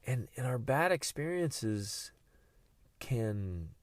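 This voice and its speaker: A man's voice: mid-range voice, sing-song, very slow, no echo. A man hosting a motivational podcast, speaking earnestly and often repeating words as he starts a phrase. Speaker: podcast host.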